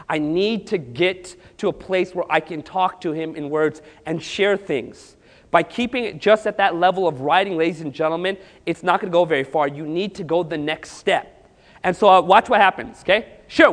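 A man preaching as a pastor, telling stories with lively acted-out dialogue to a congregation. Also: sits high, big-room sound. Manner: animated storytelling with acted dialogue. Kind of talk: sermon.

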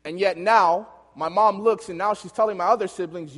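A male preacher tells a story from the pulpit with lively energy, breaking into laughter along the way. His voice sits a bit higher than most men's, and it rings out into a long, echoing hall. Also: moderate pace. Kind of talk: storytelling sermon.

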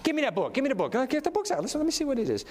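A man's voice: very high-pitched, wildly swooping pitch, racing, pitched above the performer's own voice, heavily acted. A preacher voicing God as a breezy, playfully puzzled male judge. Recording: long reverb of a big hall.

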